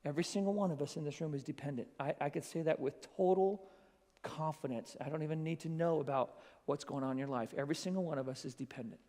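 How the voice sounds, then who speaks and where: Animated man preaching in a chapel. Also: a little high, quick pace. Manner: animated, acts out quoted voices, addresses listeners as "you guys". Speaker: chapel speaker. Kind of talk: school chapel sermon. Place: school chapel. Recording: long hall reverb.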